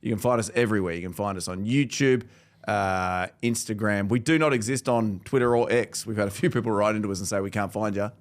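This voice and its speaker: A man's voice: fairly low pitch, a little fast. A man hosting a sports podcast, teasing his co-hosts in a dry way as he moves the show along. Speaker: podcast host. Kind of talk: casual podcast chat.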